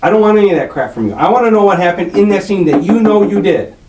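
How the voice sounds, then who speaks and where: A man with a high voice grilling a suspect in an interrogation room, swearing and pushing hard for a confession. The room is echoey and he sits well away from the recorder. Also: lively intonation, quick pace, darkish tone. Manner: confrontational, swearing, accusing. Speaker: police detective interrogating a suspect. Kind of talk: police interrogation. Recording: echoey room picked up from far off.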